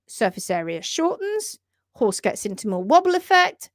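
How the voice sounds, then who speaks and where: Animated woman ranting on a livestream. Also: on the high side, normal speed, no echo, clean studio sound. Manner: animated, emphatic, indignant rants. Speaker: hoof trimming educator, livestream host. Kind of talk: livestream chat reading comments.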